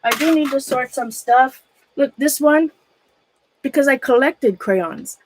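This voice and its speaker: Her voice a little high and unhurried, a middle-aged woman chats casually on a livestream with poor audio while sorting through her closet. She sounds nervous and somewhat shaky, rambling on and welcoming viewers by name.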